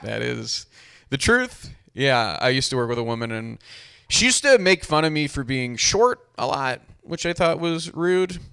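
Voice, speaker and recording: Young male comic, mid pitch, dry self-deprecating stand-up delivery. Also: lively intonation, unhurried, vocal fry, bright, forceful tone, clear, resonant tone. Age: young adult. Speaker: stand-up comedian. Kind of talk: stand-up comedy set.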